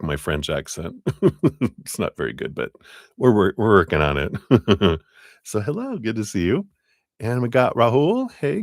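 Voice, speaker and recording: A man's voice: deep voice, dry recording, clean studio sound. A man hosting a live tarot stream, chatting casually with viewers, laughing often and sounding giddy.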